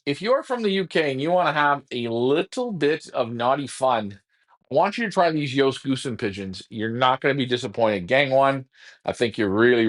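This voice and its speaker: A man who sells racing pigeons, chatting casually and enthusiastically as he photographs birds for an auction. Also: mid-range voice. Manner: chatty, enthusiastic salesman patter; drops to hushed near-whisper when handling birds. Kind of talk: casual livestream chat while photographing birds.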